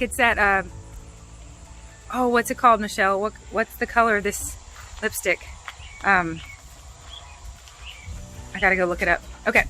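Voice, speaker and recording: Woman vlogger, casual to-camera talk, bright tone, rambling restarts, soft music underneath. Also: fairly high pitch. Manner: chatty, rambling, with frequent restarts and fillers. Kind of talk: casual talking-head vlog.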